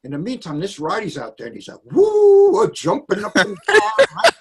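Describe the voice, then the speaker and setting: A man on a dog trainers' panel, chatting casually and telling animated stories, acting out the people he quotes. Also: sits high, fairly quick. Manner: animated storyteller, acts out quotes.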